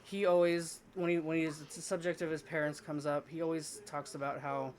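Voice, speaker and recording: A man's voice: fairly high pitch, little pitch movement, normal speed. A man co-hosting a casual podcast chat, rambling with frequent fillers and restarts. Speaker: podcast co-host.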